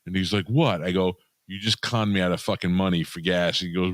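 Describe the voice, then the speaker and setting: A man co-hosting a podcast, telling a rough, profane story in casual chat and getting worked up as he defends himself. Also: low voice, steady tone, quick pace, dry recording. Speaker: podcast co-host.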